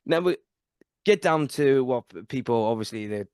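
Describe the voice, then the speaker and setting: A male podcast host asks his questions in a casual, halting way. His mid-pitched voice is recorded dry and close, with no room echo. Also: lively intonation, darkish tone, smooth. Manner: casual, halting, many fillers. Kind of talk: interview.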